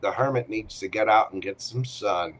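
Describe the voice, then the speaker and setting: A man's voice: fairly low pitch, moderate pace, fairly bright tone. A man hosting a live tarot Q&A, giving readings in a playful, teasing way with short punchy commands.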